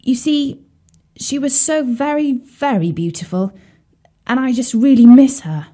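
Woman voicing a lovesick little frog, glum, halting, higher pitched, mellow, storybook. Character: sad lovesick young male frog.

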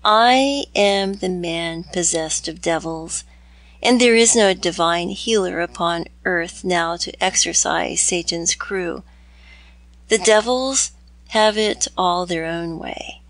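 A woman's voice: fairly low pitch, a bit bright, no echo. A woman reading aloud as a tormented young man in a storybook, grave and melancholy. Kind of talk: audiobook reading.

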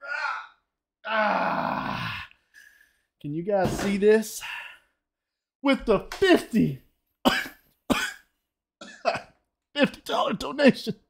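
A man streaming a game live, his pitch leaping all over as he whoops and shouts thanks to donors. He talks at an unhurried pace and is sometimes out of breath from the excitement. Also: creaky. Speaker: gaming streamer.

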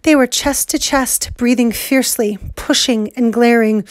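A woman teacher reading a novel aloud in a measured, deliberate way. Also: fairly high pitch, steady tone.

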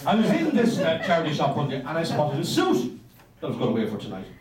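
A man doing stand-up, telling a story in an animated, swearing, exaggerated way. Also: on the high side, fast talker. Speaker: stand-up comedian. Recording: roomy sound from a distant mic.

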